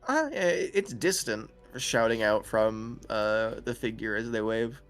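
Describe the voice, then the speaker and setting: A man's voice: medium pitch, animated, a little slow, a bit bright. A young man narrating as game master for a tabletop game, casual and laughing often, with many fillers.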